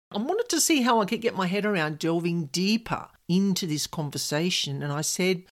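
A woman hosting a podcast, telling a personal story in a chatty, animated way and quoting voices. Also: mid-range voice, fairly quick, few pauses. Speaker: podcast host.

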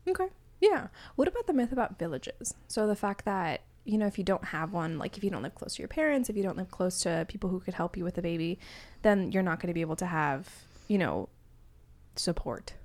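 A woman's voice: lowish voice, animated, fast, a little mellow. Conversational woman co-host asking questions. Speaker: podcast co-host. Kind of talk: casual chat.

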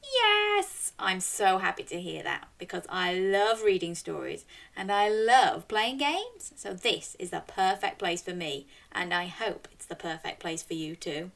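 A woman's voice: on the low side, measured pace, gravelly, few pauses, fairly bright tone. A woman hosting a storytime for young children, reading a picture book aloud and coaxing listeners to join in with animal sounds.

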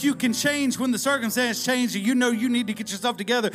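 A pastor delivers a conversational sermon. His voice sits high, and he moves between loud, emphatic bursts and hushed, intimate asides. Faint instrumental music plays underneath. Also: fairly quick.

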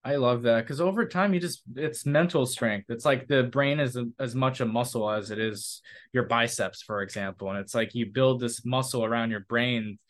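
A young adult man co-hosting a podcast, telling college stories in an upbeat, animated way and often joking. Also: medium pitch, moderate pace. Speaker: podcast co-host. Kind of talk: casual chat.

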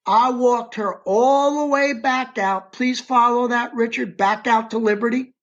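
Slow, emphatic man telling his story. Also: extremely high pitch, fairly bright tone, muffled recording. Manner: emphatic, re-enacts his own words and directs a map on screen. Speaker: interview guest, eyewitness. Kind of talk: dramatic first-person storytelling.

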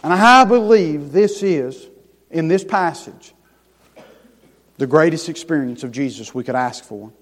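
A man with a high voice preaches a sermon in a church sanctuary, and his words ring out with a long hall reverb. His phrasing is folksy and down-home. He falls to hushed, tender lines, then builds to loud, rising emphasis. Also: expressive, a little slow, pauses often. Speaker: pastor.

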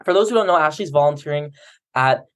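A man's voice: fairly high pitch, lively intonation, quick pace, smooth. A man co-hosting a podcast, talking loosely and at length in casual chat. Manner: loose, talkative, laughs at himself. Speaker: podcast co-host.

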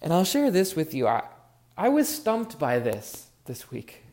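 High-voiced earnest male pastor preaching. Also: huge pitch swings, unhurried, a little mellow. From Oregon. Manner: earnest, musing, varies emphasis. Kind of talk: sermon.

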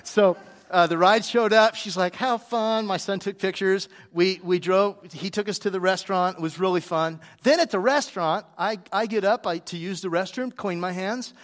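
A married man preaching, telling a story with animated delivery and acted-out dialogue. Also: high voice, moderate pace, long reverb tail. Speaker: pastor. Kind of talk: sermon with personal story.

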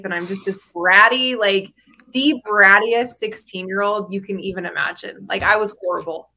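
A woman's voice: medium pitch, normal speed, sharp tone. A woman in her thirties sharing her personal story as a podcast guest, chatty, with frequent fillers and laughs between phrases.

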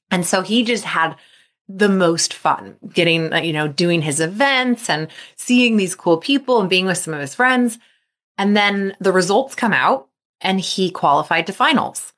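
A woman's voice: mid-range voice, moderate pace. A middle-aged woman, a mental performance coach, hosting a solo podcast and telling stories while acting out athletes' worried thoughts. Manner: lively storytelling, acting out athletes' inner voices.

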